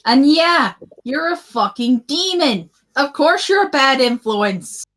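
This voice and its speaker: Woman at a game table, blunt teasing, lively up and down voice. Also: sits high, slow. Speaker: player. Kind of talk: casual chat at a game table.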